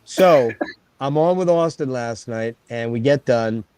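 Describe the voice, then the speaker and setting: A man hosting a casual stream, telling stories to his friends in an excited, profane way. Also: medium pitch, measured pace, smooth, no echo. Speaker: stream host. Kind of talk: casual chat storytelling.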